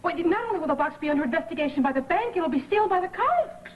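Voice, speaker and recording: An actress playing a nervous bank employee in a 1980s TV soap, stammering in protest. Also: female voice, extremely high pitch, expressive, fast, a little hiss or hum. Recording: old TV broadcast, muffled.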